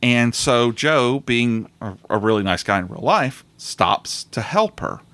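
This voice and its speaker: A man's voice: mid-range voice, lively intonation, measured pace, fairly bright tone. A man hosting a casual podcast chat about movies, rambling with frequent restarts and laughter.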